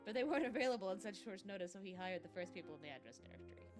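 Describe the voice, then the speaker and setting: A woman voicing a sweet, excitable young French cat woman in a game, high and bubbly. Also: racing, music in the background, natural voice. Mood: eager.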